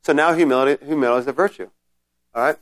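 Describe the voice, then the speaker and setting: Speaking very fast at a medium pitch, a man runs a conversational Bible study class. He keeps checking in with listeners and restarts his sentences often.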